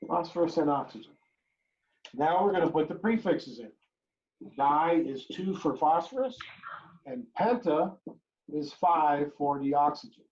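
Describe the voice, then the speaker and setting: A man's voice: fairly high pitch, animated, unhurried, pauses often, darkish tone. A man teaching an introductory chemistry lecture, repeating key phrases and checking in with "right?" as he works through examples. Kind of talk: recorded online lecture. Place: home or classroom during remote teaching. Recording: dull lo-fi lecture recording.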